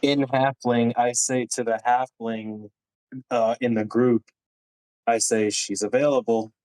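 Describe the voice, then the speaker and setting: A man's voice: medium pitch, level tone, slow pace, a little mellow, no echo, low-quality recording. A man playing a tabletop game, talking casually and jokingly. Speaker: player.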